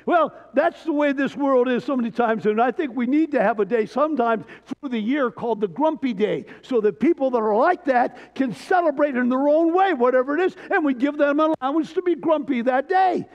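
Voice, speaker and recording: High-voiced older pastor telling folksy stories. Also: male voice, brisk, hardly any pauses. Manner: folksy storytelling, frequent hesitations. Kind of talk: sermon. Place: church sanctuary. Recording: dull church recording with long reverb.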